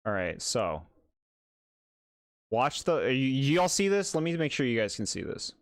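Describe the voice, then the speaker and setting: A man's voice: medium pitch, sing-song, measured pace, no echo, studio quality. A man streaming a game, chatting casually, exasperated and sarcastic, laughing often. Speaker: gaming streamer. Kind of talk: casual live commentary.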